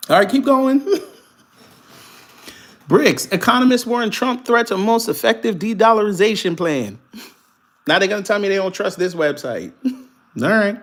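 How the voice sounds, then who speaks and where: A man hosting a live commentary stream, reading a news article aloud and firing back at viewers in chat. He talks in an animated, profane way and laughs often. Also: fairly high pitch. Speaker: commentary channel host.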